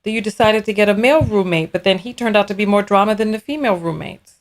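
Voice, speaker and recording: A woman's voice: medium pitch, fast. A woman hosting an advice show, asking a caller direct, probing questions. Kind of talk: advice call-in conversation.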